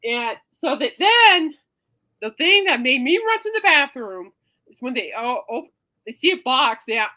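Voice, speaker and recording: A woman hosting a casual talk podcast. She rambles through stories, full of fillers, and acts out her own reactions for effect. Her fairly high voice swings up and down a lot, animated and expressive throughout. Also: unhurried. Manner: dramatic re-enactment of own reactions. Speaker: podcast host. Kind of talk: casual rambling livestream chat.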